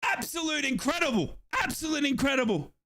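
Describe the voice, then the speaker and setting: Young Australian man, fan streamer, hoarse, crying, very high bright shouting. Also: animated, brisk. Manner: shouting, overjoyed and tearful. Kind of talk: live fan watchalong reaction.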